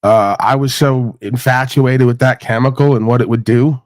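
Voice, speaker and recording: A man's voice: medium pitch, steady tone, moderate pace, a little mellow, dry recording. A man hosts a loose livestream chat, talking bluntly and swearing freely. His voice sits close and dry, with no room around it. He laughs often between his points. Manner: blunt, profane storytelling with frequent laughs. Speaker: host.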